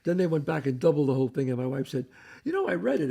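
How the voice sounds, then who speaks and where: A man's voice: on the high side, quick pace, a loud crowd. An older man, an actor guest, telling stories in a casual chat, swearing freely. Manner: raspy, animated storyteller who swears freely.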